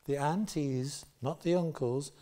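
An older man with a Liverpool accent spins lively anecdotes on a theatre stage. His voice is mellow and warm, his delivery animated, with plenty of asides to the audience. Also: a little high, measured pace. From Liverpool, England. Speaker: guest storyteller.

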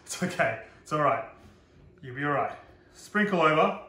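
Chatty chef in roomy kitchen. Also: male voice, on the high side, expressive, moderate pace, sharp tone. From Australia. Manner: chatty, self-deprecating, laughs at own slips. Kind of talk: live cooking demonstration. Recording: roomy echo, faint noise.

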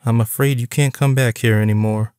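A man's voice: mid-range voice, fairly even intonation, brisk, darkish tone, smooth, dry recording, studio quality, natural voice. A man reading the lines of a stern, mysterious otherworldly woman who scolds firmly.

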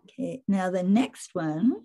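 An older woman casually telling stories over a slide show, animated, often laughing and trailing off mid-sentence. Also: lowish voice, a little slow. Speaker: animal trainer presenting photos.

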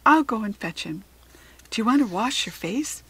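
A woman reading the lines of an eager young farm girl in a storybook, raising her voice a little higher. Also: lively intonation, moderate pace, slightly rough. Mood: earnest.

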